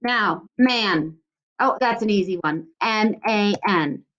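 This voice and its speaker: A woman's voice: mid-range voice, takes it slowly, fairly bright tone, muffled recording. A woman teacher giving a recorded lesson to young children, stretching out syllables in a sing-song way. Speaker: second grade teacher.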